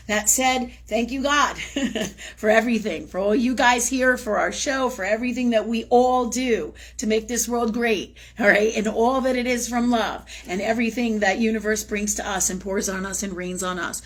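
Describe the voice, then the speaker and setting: A woman's voice: fairly high pitch, fairly even intonation, normal speed. Woman, live-stream host, spiritual talk, casual, effusive, repetitive, swears. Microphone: live-stream setup.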